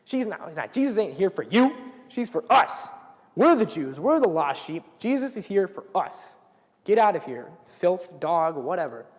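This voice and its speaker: A young man acting out a group of scornful male disciples who jeer loudly at an outsider woman. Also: on the high side, big pitch swings, unhurried, vocal fry, long pauses, full character voice. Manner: loud, taunting, mocking. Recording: long hall reverb.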